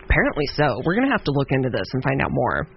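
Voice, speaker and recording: A man's voice: mid-range voice, huge pitch swings, rapid-fire, creaky, highs cut off, a little hiss or hum. A man co-hosting a radio show in casual chat, playful and jokey, often breaking into laughter. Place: radio studio.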